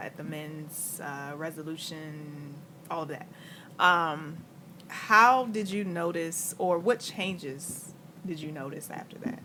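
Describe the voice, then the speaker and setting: Lady host asking her guests stuff, slow and low-ish, mm-hmm a lot. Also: fairly bright tone, slight background noise. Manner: attentive, constant affirming murmurs. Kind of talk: interview.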